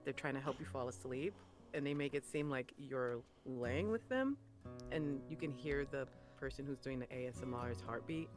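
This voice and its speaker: Brief: woman guest, deep for a woman, very animated pitch, giggly, clear guitar music behind. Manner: giggly, rambling. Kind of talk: casual chat.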